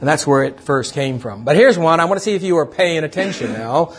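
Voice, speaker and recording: A male pastor speaking in a slightly high, husky voice. He reads scripture in a measured sermon cadence. Now and then he turns to playful quizzing of his congregation. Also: expressive.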